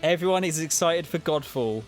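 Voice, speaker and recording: A man's voice: fairly high pitch, lively intonation, moderate pace, faint music behind. A man co-hosting a stream, giving wry, unimpressed reaction commentary. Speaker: stream co-host.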